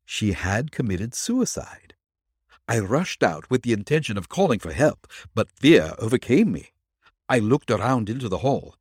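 A man's voice: mid-range voice, sing-song, moderate pace, a little mellow, slightly rough, dry recording, studio quality. A man voicing a frightened male witness confessing his story in an audiobook. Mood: confessional.

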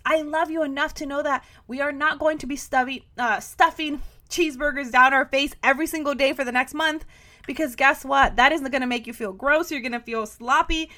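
A woman hosting a podcast, talking to the listener in an emphatic motivational pep talk that sometimes drops to a soft, guided tone. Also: sits high. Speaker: podcast host. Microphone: podcast microphone.

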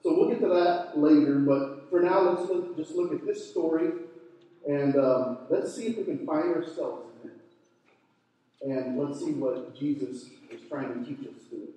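A middle-aged man preaching a sermon, telling stories in a relaxed, conversational way with ordinary fillers. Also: fairly high pitch, unhurried. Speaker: pastor. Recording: echoey hall, mic from far off.

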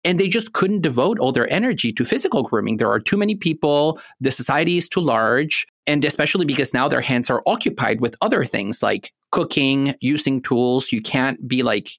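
A man co-hosting a casual scholarly discussion, explaining ideas in a measured way with touches of light humor. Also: mid-range voice, lively intonation, fairly bright tone, no room sound, studio quality. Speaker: podcast co-host.

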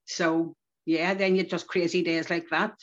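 An older community activist from Northern Ireland speaks a little slowly in a fairly low voice, telling lively, reflective stories of her earlier life. Her relaxed interview is rich with local turns of phrase and comes through a dull, lo-fi podcast recording.

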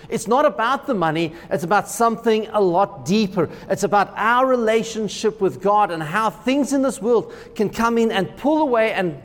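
Male pastor, fairly high voice, chatty sermon delivery, long church reverb. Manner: conversational, joking with the congregation. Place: church sanctuary.

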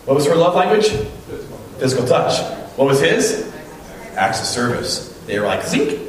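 Animated male pastor in an echoey hall. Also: mid-range voice, moderate pace, a crowd in the background. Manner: animated storytelling, acting out quotes. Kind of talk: sermon. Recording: very echoey room, mic at a distance.

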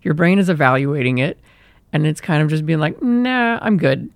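A young man hosts a solo podcast in a chatty, self-deprecating way, now and then acting out his inner voice. His voice sits a bit high with a gravelly edge, and the recording is dry and close. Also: fairly quick, dry recording. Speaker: podcast host. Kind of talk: casual solo podcast monologue.

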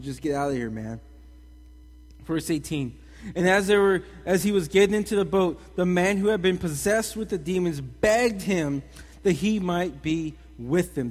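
A young man giving a casual, slangy sermon as a pastor, animated and energetic in his storytelling. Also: sits high. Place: church hall. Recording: long reverb in a hall.

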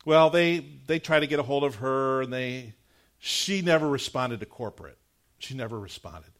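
A middle-aged male pastor preaching a sermon, telling a personal story in an animated, conversational way before leading into prayer. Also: mid-range voice. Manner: earnest, measured prayer closing the sermon.

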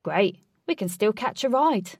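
A woman voicing an eager, excitable young adventurer. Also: medium pitch, measured pace, slightly rough, dry recording, clean studio sound, distant mic. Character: lovestruck young male adventurer with a fishing rod.

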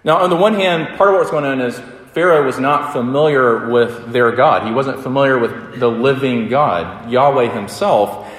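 A man's voice: medium pitch, moderate pace, hardly any pauses, fairly bright tone. A man preaching a sermon and leading a prayer, speaking earnestly and conversationally and often repeating phrases. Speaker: pastor. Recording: roomy, echoing hall.

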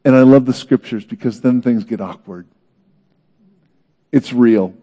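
A man preaching a sermon in an earnest, dramatic way, swinging between loud emphasis and hushed moments. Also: medium pitch, unhurried, lo-fi sound. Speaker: pastor.

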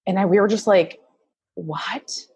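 A woman's voice: deep voice, moderate pace, husky, dry recording. A woman guest telling a personal story in a chatty way with many fillers, emotional at times.

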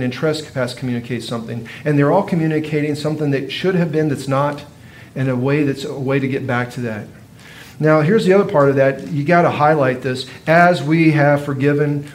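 A man with a slightly higher voice delivers a sermon. He teaches in a loose, conversational way, often turning to his listeners with rhetorical questions. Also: fairly quick. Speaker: pastor.

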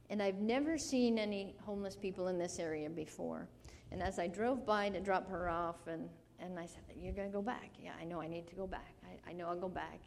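A woman's voice: fairly low pitch, a little mellow, long reverb tail, a little hiss or hum. A woman preaching a sermon, telling a personal story earnestly and growing emotional. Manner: earnest, rising to emotional intensity.

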